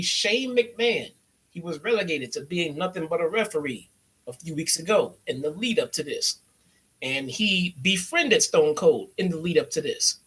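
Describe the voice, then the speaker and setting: A man's voice: on the high side, a bit bright, slightly rough. A young adult man from the Chicago area giving a loose, sarcastic and profane wrestling review. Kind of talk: casual profane recap.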